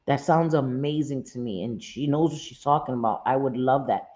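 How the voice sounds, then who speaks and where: A woman's voice: a bass voice, moderate pace, hardly any pauses, dark tone, dull audio. A woman hosting a casual livestream, talking straight to her viewers, often repeating herself and saying "um". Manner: repeats phrases, many "um" fillers, speaks straight to viewers. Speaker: livestream host.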